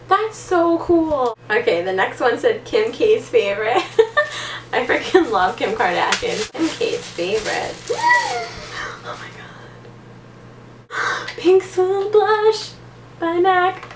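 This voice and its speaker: A young woman unboxing makeup gifts in a casual vlog, excitable and gushing, gasping often. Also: fairly high pitch, echoey room, far from the mic, a little hiss or hum. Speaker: beauty vlogger.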